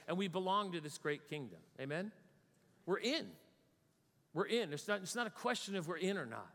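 A man's voice: sits high, fairly bright tone. A man preaching a sermon as pastor, conversational with joking asides. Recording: long hall reverb.

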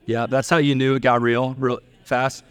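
A middle-aged man preaching a sermon to his church, telling a family story in an earnest way and lifting his pitch to act out the people he quotes. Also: level tone, normal speed, clear, resonant tone, dry recording. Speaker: pastor.

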